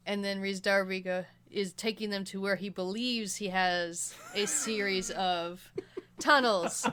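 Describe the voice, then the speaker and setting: A woman's voice: medium pitch, steady tone, a little slow, a bit bright, clean tone. A woman co-hosting a casual film review chat in a joking, playful way. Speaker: podcast co-host.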